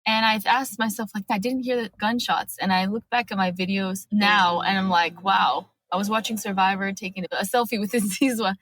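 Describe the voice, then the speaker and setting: A woman's voice: mid-range voice, fairly even intonation, moderate pace, few pauses, fairly bright tone, a little hiss or hum. A woman, a podcast guest and widow telling her story earnestly and acting out what people said. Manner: earnest, tells events by acting out quotes. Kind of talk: emotional personal interview.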